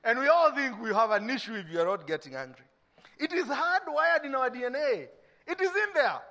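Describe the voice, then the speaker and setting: High-voiced Kenyan pastor preaching with fire. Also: male voice, fairly quick. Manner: animated preaching, acting out mock dialogues, swinging between loud and hushed. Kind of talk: sermon.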